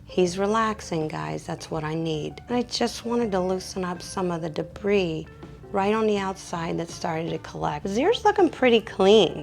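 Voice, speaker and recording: A professional pet groomer, a woman, explaining dog grooming in a calm teaching manner and coaxing the dog softly. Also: mid-range voice, a little slow, gravelly, soft background music. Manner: calm instructive talk to viewers, soft coaxing to the dog.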